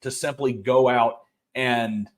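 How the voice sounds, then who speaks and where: A man's voice: medium pitch, fairly even intonation, slow. A man talking in a casual commentary as co-host. He sounds earnest and reasoned, picking up speed when he presses a point.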